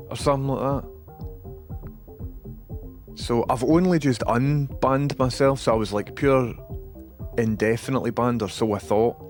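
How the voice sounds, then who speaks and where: A Scottish man hosting a live stream, chatting casually with viewers, with dry asides and some swearing. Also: mid-range voice.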